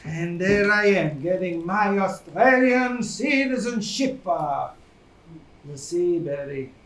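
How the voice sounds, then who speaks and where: An actor playing a proud older Italian immigrant man on stage, speaking animated broken English with an Italian accent. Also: high voice, takes it slowly, full character voice. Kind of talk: stage play acting. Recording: echoey theatre stage from far off.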